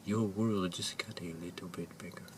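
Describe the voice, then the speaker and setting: A man playing a low-voiced eccentric guru. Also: steady tone, normal speed, close to an everyday voice. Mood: hushed earnest. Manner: swings between hushed whispers and loud exclamations; broken English grammar. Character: eccentric male motivational guru, intense and earnest. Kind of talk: character monologue to camera. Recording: distant mic with faint ambient noise.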